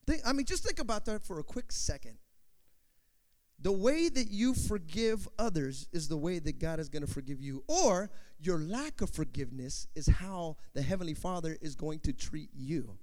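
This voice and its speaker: A male pastor preaching a sermon, talking straight to the congregation and swinging from loud bursts to hushed asides. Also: high voice, expressive, a little slow. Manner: talks to the congregation directly.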